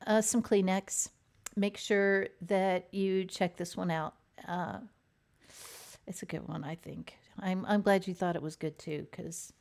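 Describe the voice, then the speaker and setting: A woman hosting a casual, rambling chat show, talking loosely with frequent laughs, sighs and fillers. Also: medium pitch. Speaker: host. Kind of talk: casual chat about TV dramas.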